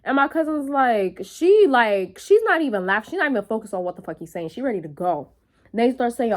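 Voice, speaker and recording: A young woman's voice on the high side carries this casual, animated vlog story, loaded with profanity and quick asides to her viewers.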